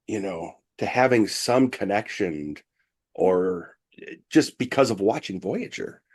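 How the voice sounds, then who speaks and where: A man's voice: lowish voice, slightly rough. A man hosting a podcast, chatting casually with fan enthusiasm and often repeating words as he restarts. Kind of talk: casual conversation.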